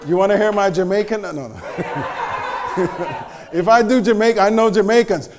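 A man giving a live talk to an audience, animated and joking, teasing the crowd as he goes. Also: sits high, moderate pace, background noise. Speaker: speaker presenting to an audience.

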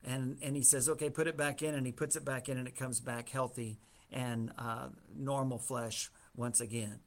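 A man's voice: mid-range voice, little pitch movement, moderate pace. A man teaching a Bible study, retelling the story casually with humorous asides.

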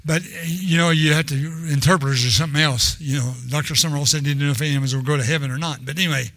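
A man's voice: on the high side, steady tone, fast, fairly bright tone, no room sound. An older man preaching a sermon in a rambling, storytelling way, often restarting his sentences.

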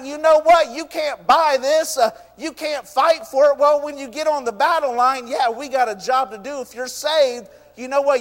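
A high-voiced pastor preaches a fervent sermon in church, repeatedly saying "you know what" and "I tell you." The long reverb of the church hall surrounds his voice.

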